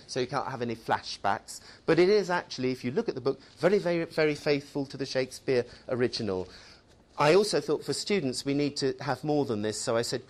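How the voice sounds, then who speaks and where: A man leading a teacher-training workshop, chatty and lively, often checking in with tag questions. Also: mid-range voice, slight background noise. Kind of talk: workshop presentation.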